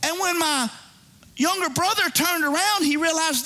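Whooping, joking man preaching, high bright voice. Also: moderate pace. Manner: exuberant and joking, with whooping exclamations. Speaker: pastor. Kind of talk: sermon.

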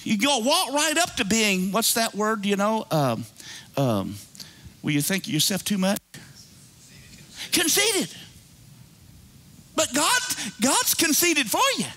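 A man's voice: high-pitched, huge pitch swings, takes it slowly, long pauses, bright, forceful tone. A pastor in his fifties preaching a sermon. He is exuberant and jokey and breaks into whooping exclamations.

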